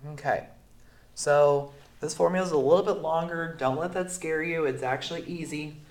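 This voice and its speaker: A man who is sick, teaching a recorded math lesson in a relaxed way with many fillers, going through the steps slowly. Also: on the high side. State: sick, voice sounds off. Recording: roomy echo.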